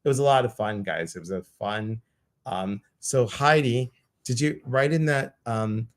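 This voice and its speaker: Casting: male live-stream host, gushing, rambly, lots of ums, mid-pitched. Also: measured pace. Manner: effusive, rambling, frequent fillers. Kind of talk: casual live-stream chat.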